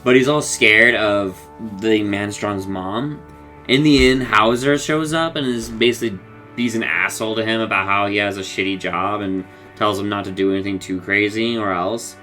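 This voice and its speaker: A man's voice: lowish voice, fairly even intonation, normal speed, sharp tone, soft background music. A man casually recapping a cartoon episode, rambling and acting out the characters' lines, laughing often.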